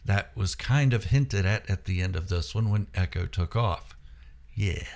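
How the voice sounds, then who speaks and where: A man with a low, gravelly voice gives a casual spoken review to his viewers. He rambles in a chatty way and catches his own slips with quick asides. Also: a little mellow. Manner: chatty, self-correcting asides. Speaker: YouTube channel host.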